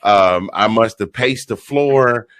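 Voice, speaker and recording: Tired, excited man in his fifties, dry sound. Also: on the low side, slow pace, no room sound. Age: 50s. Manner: animated storyteller, stumbling restarts. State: short of sleep. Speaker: guest. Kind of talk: excited sports chat.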